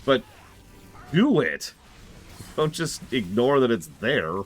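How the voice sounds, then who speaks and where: A man's voice: medium pitch, sing-song, takes it slowly. A man streaming a game, reading quest text aloud and adding sarcastic asides. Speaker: game streamer and lore reviewer. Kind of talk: live commentary while playing.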